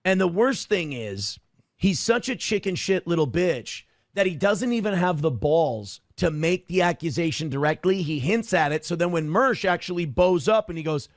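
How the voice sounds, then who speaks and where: A man's voice: a little high, lively intonation, normal speed, dry recording, studio quality. A man co-hosting a podcast, talking in a blunt, scornful, profane way. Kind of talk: casual podcast commentary.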